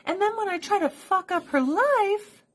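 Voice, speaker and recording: A bratty, sassy house cat that squeaks and whines in a high sing-song, as a woman puts it on. The voice jumps far above her everyday talk, bouncy and lively, with a teasing, entitled edge. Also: normal speed.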